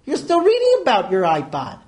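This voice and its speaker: Animated high-voiced man teaching a class. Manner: animated storyteller, mixes Hebrew terms, quick asides. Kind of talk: informal Torah class.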